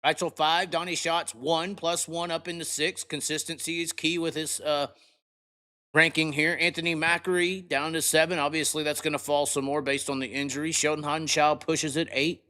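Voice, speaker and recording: Brash, bright-voiced man ranting. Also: fairly high pitch, moderate pace. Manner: brash, profane, excitable rants. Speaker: podcast host. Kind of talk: casual live show commentary.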